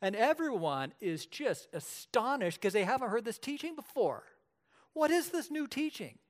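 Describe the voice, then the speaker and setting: A man preaching a sermon as pastor, telling the story vividly and swinging between loud and hushed delivery. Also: very high-pitched, very animated, moderate pace.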